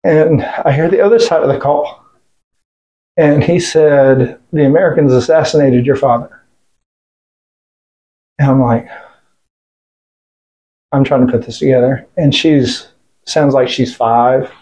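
A man's voice: medium pitch, takes it slowly, pauses often, dark tone. A man, a military veteran interviewed as a guest, telling a story casually and bluntly, swearing, rambling, and quoting what others said. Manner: blunt, profane, retells events by quoting others; rambling with restarts and fillers.

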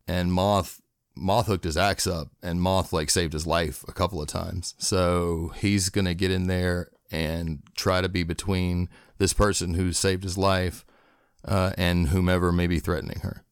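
A man's voice: sits low, level tone, a little slow, clear, resonant tone, dry recording, clean studio sound. A man playing a tabletop game, describing his character's actions casually with many fillers. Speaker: player.

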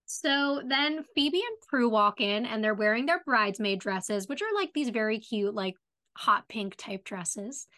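A woman's voice: a little high, lively intonation, measured pace, pushed and bright. A woman co-hosting a podcast, recapping a TV episode in casual, effusive chat full of "like" fillers. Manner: chatty and effusive, many "like" fillers. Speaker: podcast co-host.

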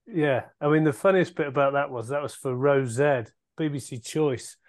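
A man's voice: mid-range voice, moderate pace. A man with an English accent co-hosting a podcast, telling anecdotes in a dry, understated way. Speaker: podcast co-host.

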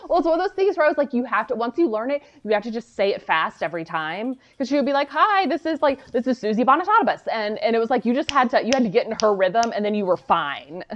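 A woman co-hosting a podcast in casual chat, talking in halting restarts and laughing often. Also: on the high side, expressive, muffled recording, a little hiss or hum. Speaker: podcast co-host.

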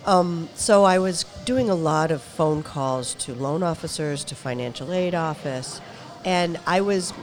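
A woman's voice: low voice, unhurried. A middle-aged woman co-hosting a casual chat, telling stories and laughing often. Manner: laughs often, chatty storytelling.

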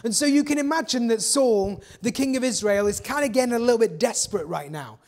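Pastor, high-pitched, energetic, preaches with rhetorical questions. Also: male voice, brisk. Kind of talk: sermon.

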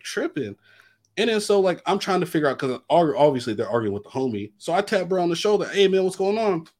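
A young man co-hosting a podcast, telling a long story in casual chat, acting out quotes with heavy slang and lots of fillers. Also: on the high side. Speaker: podcast co-host.

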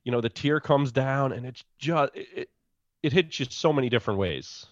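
A man co-hosting a podcast, chatting calmly and reflectively about a film. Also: medium pitch, normal speed, no room sound, highs cut off. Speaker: podcast co-host. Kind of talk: casual film discussion.

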